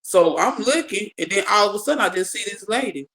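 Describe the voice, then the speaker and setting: A speaker telling a personal story to a small group in casual talk, animated, repeating and restarting words and acting out the dialogue. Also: mid-range voice, fairly quick, low-quality recording.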